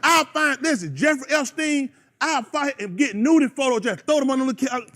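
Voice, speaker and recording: High-voiced animated man ranting. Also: brisk. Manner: animated rambling rant. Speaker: radio show host. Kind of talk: casual chat.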